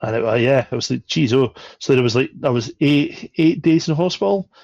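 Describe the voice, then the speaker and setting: A man's voice: medium pitch, quick pace, creaky, no room sound, dull audio. A man, a podcast guest, telling a story casually and animatedly, acting out the voices of the people in it. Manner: animated, acts out quoted voices.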